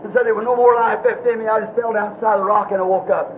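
High-voiced man preaching on old tape. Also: steady tone, very fast. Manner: folksy, rambling retelling with repeated "said". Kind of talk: sermon storytelling. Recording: dull old tape recording with faint hiss.

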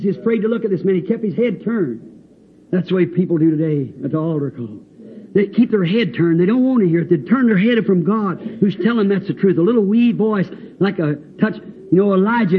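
A man preaching a fervent sermon, acting out dialogue and breaking into hymn lines. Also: high-pitched. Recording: dull lo-fi recording with faint hiss.

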